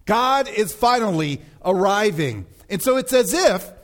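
High, lively male pastor preaching. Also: measured pace. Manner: animated storytelling, acting out film scenes. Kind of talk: sermon.

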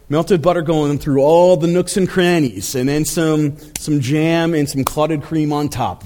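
A man's voice: a little high, warm tone. A male pastor preaching a sermon in a conversational storytelling way, with frequent fillers and asides to the congregation.

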